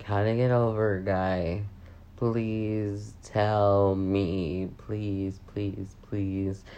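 A woman's voice: rumbling low, mellow, clear, resonant tone, muffled recording. A young woman rambling through a casual confessional vlog, swearing often and mocking herself. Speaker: vlogger.

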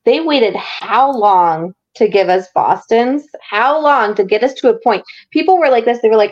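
A woman's voice: on the high side, moderate pace, few pauses, highs cut off. A woman co-hosting a casual podcast, retelling scenes and acting out the quotes. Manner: animated retelling, acts out quotes. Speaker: podcast co-host. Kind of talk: casual chat about a TV series.

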